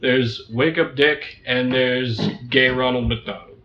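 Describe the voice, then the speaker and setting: A man's voice: mid-range voice, fairly even intonation, slow pace. A man co-hosting a casual film review podcast, dry and blunt in his criticism. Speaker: podcast co-host. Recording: echoey room, dull lo-fi sound.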